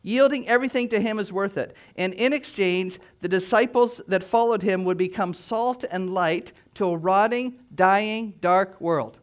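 Man, pastor, sermon, high-pitched, emphatic, rhetorical questions. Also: normal speed, few pauses.

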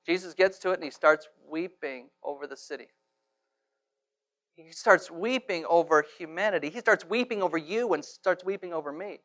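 A man preaching a sermon in church, swinging from hushed to loud and asking rhetorical questions. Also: a little high, normal speed. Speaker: pastor.

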